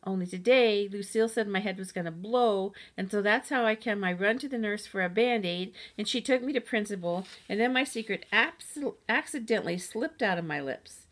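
A woman's voice: mid-range voice, moderate pace, few pauses, lightly acted. A woman voicing a spunky, chatty little schoolgirl who rambles in long run-on sentences. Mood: earnest.

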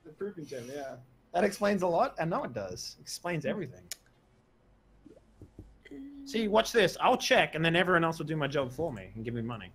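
A man's voice: fairly high pitch, sing-song, fairly quick, fairly bright tone, a little hiss or hum. A man streaming online poker, chatting with friends in a crude, boisterous way over voice chat. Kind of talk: casual gaming chat with friends.

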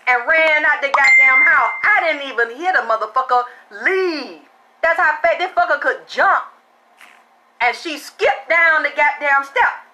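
A middle-aged woman with a high, sharp, bright voice tells a crude story about her son. She talks bluntly and heatedly, and now and then her voice jumps into shouting. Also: a little hiss or hum. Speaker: mother telling a story. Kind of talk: profane storytelling.

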